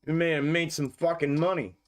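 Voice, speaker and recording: A man hosting a casual stock market livestream, talking to his viewers, cursing freely and getting excitable over price moves. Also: on the high side, a little fast. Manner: profane, excitable, talks to viewers as "y'all". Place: home desk setup.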